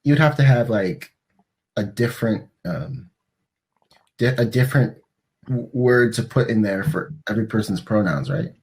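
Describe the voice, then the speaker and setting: Young guy, low husky voice, talks all over the place, laughs a ton. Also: normal speed. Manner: lively, rambling, laughs a lot. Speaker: podcast co-host. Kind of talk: casual chat.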